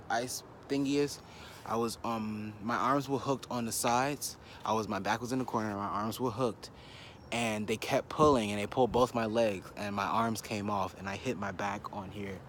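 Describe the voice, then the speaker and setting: A man's voice: lowish voice, a little hiss or hum. A young man outdoors in a backyard, out of breath, boasting and trash-talking in a wrestling promo vlog.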